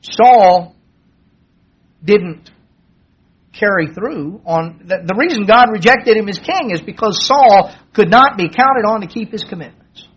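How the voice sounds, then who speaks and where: A preacher retells a Bible story in a plain, conversational sermon, raising his voice to act out the quoted dialogue. His voice is high with a husky edge, and he speaks a little slowly. The recording is dull and lo-fi.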